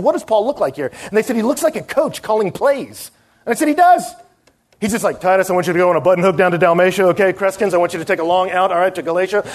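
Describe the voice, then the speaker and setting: High-voiced animated preaching man. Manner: animated storytelling, acts out quoted voices. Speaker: pastor. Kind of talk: sermon. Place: church.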